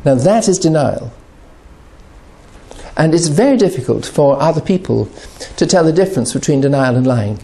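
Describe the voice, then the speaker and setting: A middle-aged man giving a talk on addiction recovery, animated and acting out the voices he quotes. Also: a little high, moderate pace.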